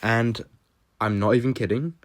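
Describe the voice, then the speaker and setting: A man's voice: mid-range voice, steady tone, moderate pace. A young man telling a storytime vlog in a casual, rambling way, full of fillers and swearing. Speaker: vlogger.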